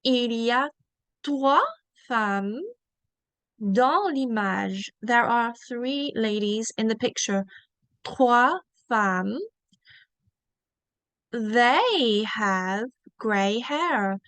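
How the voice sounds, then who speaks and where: A woman teaching a beginner French lesson, modelling each word slowly and asking learners to repeat it. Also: fairly high pitch, expressive, fairly bright tone, smooth, no room sound. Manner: slow, drawn-out modelling of each word for repetition.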